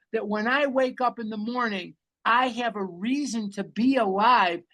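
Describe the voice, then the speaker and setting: Slow, intense older man preaching recovery. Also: sits high. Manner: intense, emphatic, preaching repetition. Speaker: recovery study group leader. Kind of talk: recovery meeting talk.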